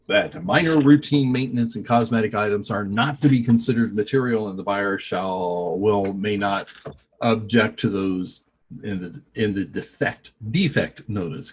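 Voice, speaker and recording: A man's voice: mid-range voice, breathy edge. A man teaching a real estate training, reading contract clauses aloud and explaining them in a folksy, conversational way.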